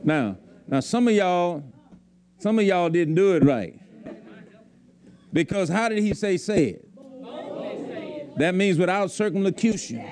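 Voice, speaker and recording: A man's voice: high-pitched, lively intonation, unhurried, pauses often, a little mellow. A man preaching a sermon to a congregation, emphatic and repeating his lines. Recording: faint crowd from the congregation.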